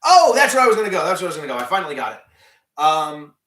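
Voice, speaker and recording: Rambling man with a higher voice. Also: sing-song, fast, a bit bright, roomy sound. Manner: rambling, many restarts and fillers, reads chat questions aloud. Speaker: live stream host. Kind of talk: casual live stream chat.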